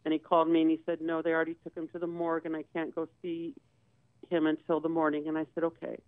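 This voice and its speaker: A woman's voice: deep voice, completely flat delivery, fast talker, no echo, phone-quality sound. A woman guest on a talk show, telling a personal story and retelling conversations in quoted dialogue.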